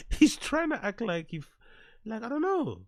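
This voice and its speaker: A man's voice: very high voice, huge pitch swings, a little slow, creaky, no echo. A man hosting his own show, giving casual, mocking commentary on online posts, swearing freely and often breaking into laughter. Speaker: show host.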